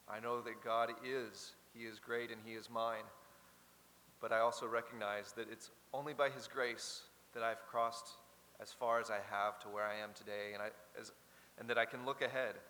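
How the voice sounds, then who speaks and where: A man's voice: mid-range voice, sharp tone. A man leading a choir, giving an earnest, reflective spoken introduction in a chapel. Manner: earnest, reflective, with small restarts. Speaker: choir leader. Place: large chapel. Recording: hall reverb with faint hiss.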